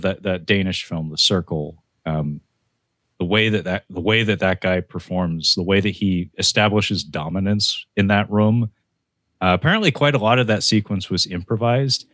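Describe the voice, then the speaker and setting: A low-pitched American man holds forth in a casual film review, his talk rambling and animated, full of restarts. The sound is dry and close, with no room echo.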